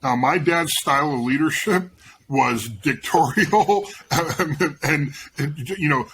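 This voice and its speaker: A man's voice: on the high side, takes it slowly, fairly bright tone, slight background noise, rough recording. A man speaking as a guest on an interview, rambling with many restarts as he explains his coaching approach. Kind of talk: casual interview conversation.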